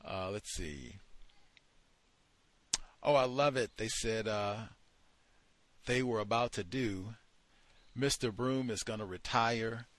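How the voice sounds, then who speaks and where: A man's voice: on the low side, slow, long pauses, a bit bright, slight background noise. A man hosting a study session, reading passages aloud from a book and breaking off into heated commentary, with frequent fillers while he searches the text.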